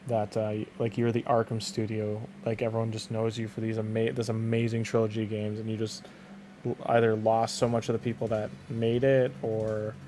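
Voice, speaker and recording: A man's voice: fairly low pitch, completely flat delivery, moderate pace, warm tone, a little hiss or hum. A young Canadian man with a Canadian accent, chatting casually on a game stream, rambling and restarting his sentences as he goes. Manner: rambling, leans on "like", frequent restarts. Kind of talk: casual live-stream chat.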